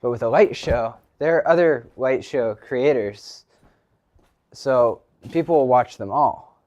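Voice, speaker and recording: A man's voice: mid-range voice, slow, darkish tone, muffled recording. A teenage boy chatting casually on a live stream from his garage, rambling with lots of ums and restarts. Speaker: livestreamer. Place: home garage.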